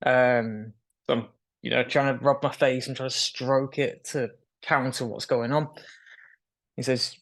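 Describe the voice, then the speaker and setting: His voice is medium-pitched, steady, and fairly bright, and he speaks a little slowly. He's a young adult guest telling his story frankly in a candid interview, occasionally laughing nervously.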